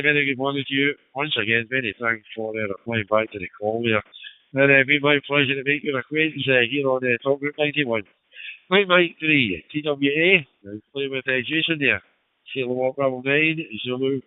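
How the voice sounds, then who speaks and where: A Scottish man speaks over a narrow, phone-like digital radio channel, his voice dry and close. He talks at a middle pitch in a courteous, unhurried ham radio manner, spelling call signs phonetically into a headset. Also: no echo. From Scotland. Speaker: amateur radio operator. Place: upstairs bedroom radio shack.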